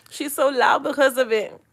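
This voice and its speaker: A woman's voice: high voice, creaky. Emotional, earnest woman on a livestream. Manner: heartfelt, tearful, earnest encouragement; spiritual, pleading. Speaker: livestream host reading comments. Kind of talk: emotional live-stream talk.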